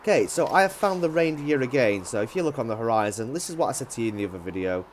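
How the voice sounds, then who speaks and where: A man's voice: medium pitch, animated, fast talker, slight background noise. A man casually commenting on his hunting game play, rambling and hesitant with many ums. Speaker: gaming channel host.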